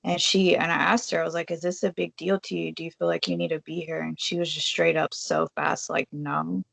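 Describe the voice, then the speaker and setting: A woman's voice: low-pitched, little pitch movement, brisk, creaky, a bit bright, no room sound. A woman telling a personal story in a casual, chatty way, full of fillers and acting out what she said to others. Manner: chatty, filler-heavy, acts out her own quoted lines. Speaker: vlogger.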